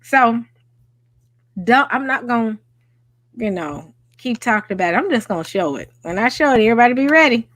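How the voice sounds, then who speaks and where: Tired after a day of work, a woman with a Southern US accent still hosts her late-night livestream in an animated, chatty way. Her fairly high voice is bright and lively, and she talks briskly. It's recorded close and dry on a home microphone, with no echo.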